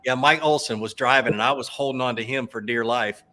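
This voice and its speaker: A man from the American South tells fishing-trip stories in a relaxed chat. He laughs often and tells them with energy, in a middle-pitched voice. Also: brisk. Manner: laughing, animated storyteller. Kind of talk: casual chat.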